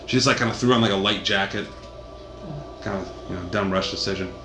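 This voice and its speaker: A man's voice: fairly low pitch, steady tone, fast talker. A man narrating as game master in a casual, rambling way with many fillers. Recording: echoey room with music behind.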